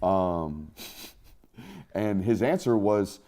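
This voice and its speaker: Male sports show host, low-pitched, loose and chatty delivery. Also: drawn-out words, dark tone. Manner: loose, chatty, with fillers and laughs. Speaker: podcast host. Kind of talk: casual sports talk.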